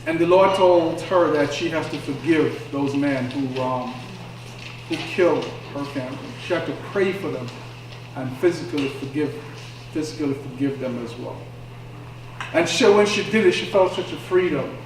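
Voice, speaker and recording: Heard from a distance in an echoey church sanctuary, a man preaches a sermon. His voice sits a little high with a slight hiss or hum, and he tells stories conversationally before rising into impassioned moments.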